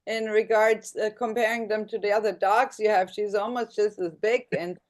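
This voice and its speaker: A woman's voice: mid-range voice, fairly even intonation, normal speed. A woman, a guest on a video call, talking casually with many fillers. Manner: chatty, hesitant fillers, gentle.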